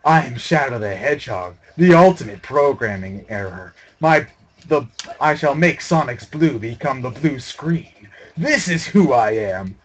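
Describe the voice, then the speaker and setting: A man voicing a pompous, self-important male hedgehog antihero, speaking in slow, grandiose declarations. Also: mid-range voice, sing-song, slight background noise, pitched below the performer's own voice.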